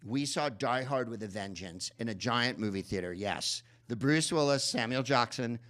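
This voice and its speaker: A male host gives a live, comic introduction to a film in a cinema. He rambles sardonically and leans on many ums and restarts, in a voice of middling pitch. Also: lively intonation, moderate pace, a bit bright.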